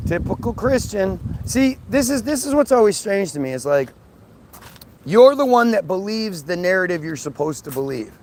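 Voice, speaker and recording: A man's voice: high voice, very animated, normal speed, darkish tone, a little hiss or hum. A man on a live stream answering viewer comments in a blunt, profane, combative rant.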